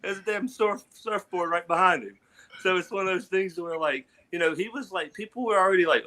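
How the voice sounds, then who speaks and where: A man's voice: fairly high pitch, lively intonation, moderate pace, pushed and bright. A middle-aged man, telling stories as a guest on a podcast in a laid-back way, full of "you know" and "man". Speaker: guest wrestler. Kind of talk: casual podcast storytelling.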